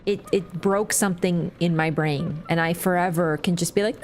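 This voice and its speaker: A woman's voice: on the low side, fairly even intonation, moderate pace, a little hiss or hum. A woman chatting casually through a gaming livestream, swearing freely, laughing and answering her chat.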